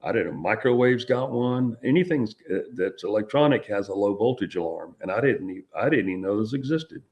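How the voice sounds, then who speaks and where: A middle-aged man, telling a personal experience as an interview guest in a halting, rambling way full of restarts. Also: on the low side, expressive, dull audio.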